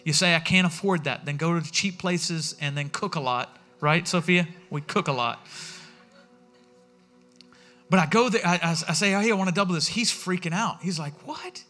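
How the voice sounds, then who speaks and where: A man preaching a sermon as pastor in a church, telling stories in a lively way and acting out what people said. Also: fairly high pitch, normal speed, soft background music. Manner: animated storytelling, acting out quotes.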